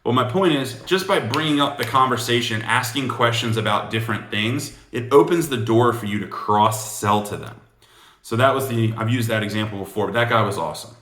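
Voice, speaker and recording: A man's voice: mid-range voice, brisk, a bit bright. A man giving casual sales coaching, rambling and full of "you know" asides. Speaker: sales trainer. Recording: echoey room.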